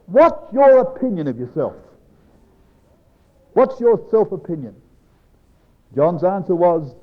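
A man preaching a Bible exposition to a congregation, slow and emphatic, dropping low and soft on key phrases. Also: sing-song. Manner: addresses congregation as brethren and sisters. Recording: dull lo-fi recording with long hall reverb.

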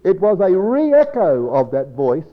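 A man preaching a Bible exposition to a congregation, slow and emphatic, dropping low and soft on key phrases. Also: big pitch swings. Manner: addresses congregation as brethren and sisters. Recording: dull lo-fi recording with long hall reverb.

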